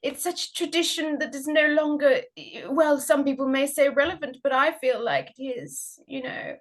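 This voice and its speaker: A woman's voice: high-pitched, fairly even intonation, moderate pace, lightly acted. A woman with an Australian accent playing a genteel, old-fashioned lady on a dinner date in improvised comedy. She gushes over traditional manners. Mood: gushing.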